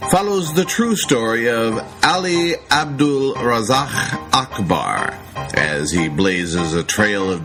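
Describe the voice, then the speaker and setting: A man's voice: on the low side, poor audio. A man reading a scripted book promotion in a dramatic, insinuating way. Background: music.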